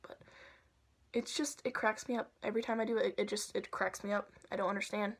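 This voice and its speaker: A woman's voice: medium pitch, steady tone, a little fast, breathy edge. Chatty young woman doing a makeup tutorial. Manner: chatty and playful, drifts into soft asides. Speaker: makeup vlogger. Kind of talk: casual makeup tutorial chat.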